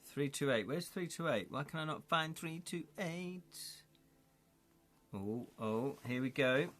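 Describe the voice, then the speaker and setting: Jokey man, bright voice. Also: mid-range voice, measured pace. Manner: chatty, jokey, talks to chat, laughs often. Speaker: livestream host reading a gamebook. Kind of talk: casual live-stream chat and reading.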